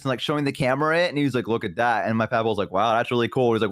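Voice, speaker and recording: A young man with a Southern US accent chatting casually on a stream, rambling through childhood stories and jumping into high voices to quote people. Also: fairly even intonation, rapid-fire, no echo, studio quality. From American South. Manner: rambling, jumps into high voices when quoting. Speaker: stream co-host. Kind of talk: casual chat, storytelling.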